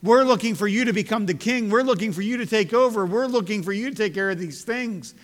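Preacher guy doing an impetuous disciple, pushy and pleading, bit high, echoey hall. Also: fast, natural voice. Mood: insistent. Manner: insistent, pleading. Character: Peter, an impetuous adult male disciple. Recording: long hall reverb.

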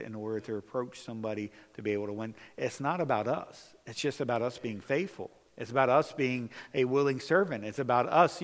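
A male pastor delivers a sermon, leaning on emphatic rises and drawn-out, stressed phrases. His medium-pitched voice carries a long reverb from a large church hall. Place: church sanctuary.

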